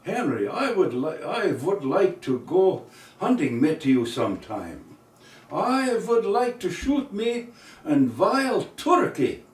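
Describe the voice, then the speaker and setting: A man's voice: high-pitched, very animated, takes it slowly, voice pushed up, heavily acted. A man voicing an old German immigrant farmer with a heavy German accent and stiff, careful broken English, heard from a distant mic in an echoey room with faint accordion behind. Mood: eager.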